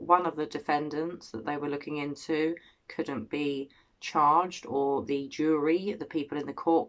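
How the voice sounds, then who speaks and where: English woman, 30s, low voice; earnest, personal true-crime vlog narration. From Cambridge, England. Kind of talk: casual true-crime storytelling.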